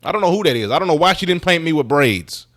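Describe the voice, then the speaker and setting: A man's voice: on the high side, lively intonation, fast talker, a bit bright, pitched above the performer's own voice. A man putting on the voice of an annoyed grown man Jesus in heaven, who repeats himself in exasperation. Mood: exasperated.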